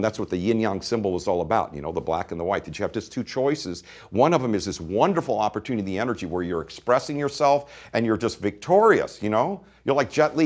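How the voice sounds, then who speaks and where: A man teaching energy practices in a live online seminar, telling a story with emphatic, animated delivery. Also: on the low side.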